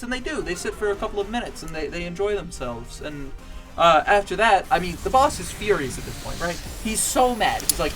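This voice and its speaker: A man's voice: sits high, big pitch swings, brisk, a bit bright, faint music behind. A man streaming from home, telling a long joke casually, rambling with many fillers and restarts.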